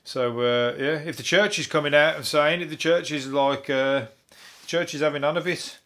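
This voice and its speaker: A man's voice: fairly high pitch, fairly even intonation, moderate pace, fairly bright tone. A man with a Birmingham accent, a comedian hosting a rambling, sweary comic news monologue. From Birmingham, England. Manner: sweary, laughing, digressive. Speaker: comedian host.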